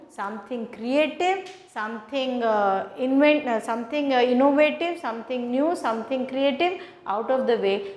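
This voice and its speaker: A woman's voice: fairly high pitch, a little mellow, echoey room. A woman teacher, giving a classroom lecture that repeats points and keeps asking if the students follow. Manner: repetitive, asks rhetorical check-in questions. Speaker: commerce teacher.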